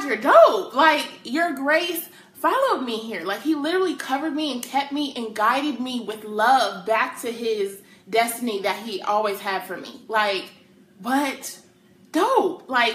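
A young adult woman sharing a personal faith testimony with excited emphasis and casual slang. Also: a little high, slight background noise. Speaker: testimony speaker. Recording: echoey room.

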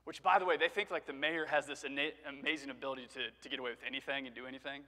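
A man's voice: mid-range voice, fairly even intonation, racing, bright, forceful tone. A male preacher giving a conversational sermon, telling stories and asking rhetorical questions. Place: church sanctuary. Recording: reverberant church sanctuary.

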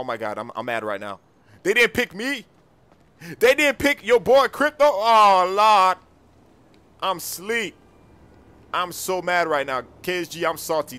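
A young man in excitable, slangy game role-play commentary with loud outbursts. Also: fairly high pitch, smooth. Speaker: gaming YouTuber.

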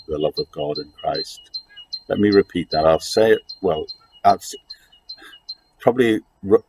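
Preacher, male, very low voice, earnest and measured delivery, faint hiss on the recording. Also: mellow. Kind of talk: sermon.

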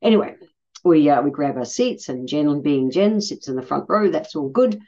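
A middle-aged Australian woman telling a personal story in a casual, blunt way, swearing freely and getting animated when she quotes people. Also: low voice, moderate pace, lo-fi sound. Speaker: podcast host.

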